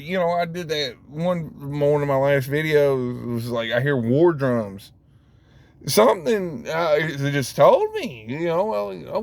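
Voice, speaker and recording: A man in a rambling, profane casual rant to camera, full of fillers and sudden high exclamations. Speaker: vlogger.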